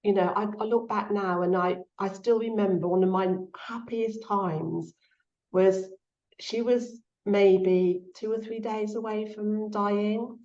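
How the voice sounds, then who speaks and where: A woman's voice: medium pitch, steady tone, slow. A middle-aged woman speaking casually and heartfelt as a guest, her voice rising when she quotes others. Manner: soft-spoken and heartfelt, lifts her voice when quoting. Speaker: guest author. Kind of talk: casual conversational interview. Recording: echoey, slightly dull sound.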